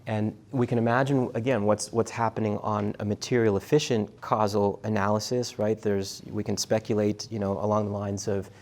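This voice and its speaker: A middle-aged man with a low, gravelly voice gives a university lecture. He talks in a halting, conversational way, full of restarts and fillers, and often turns to ask his students questions. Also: little pitch movement, a little mellow.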